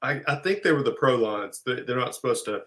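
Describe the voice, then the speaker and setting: A man's voice: mid-range voice, animated, a bit bright. A man co-hosting a casual livestream chat, easygoing and agreeable. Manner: easygoing, agreeable, quick to laugh.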